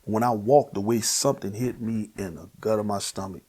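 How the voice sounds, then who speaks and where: A man with a New Orleans accent telling his personal testimony, earnest and emotional, at times sinking to a hushed near-whisper. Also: on the low side, fairly quick, husky. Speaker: guest sharing his testimony.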